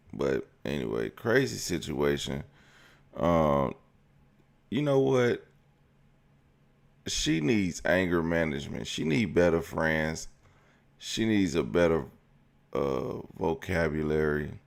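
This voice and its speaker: A man, a father, giving relaxed reaction commentary, talking slowly with frequent ums and uhs. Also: deep voice, creaky. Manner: laid-back, fatherly, hesitant with fillers. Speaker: reaction channel host.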